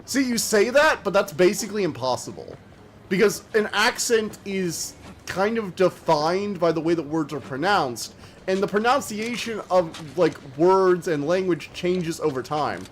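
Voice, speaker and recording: Male game streamer, a bit high-pitched, quick and slurred, rambling casual chat. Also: expressive, slight background noise. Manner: talks fast and slurs words together; chatty and rambling, many fillers. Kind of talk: casual live-stream chat while gaming.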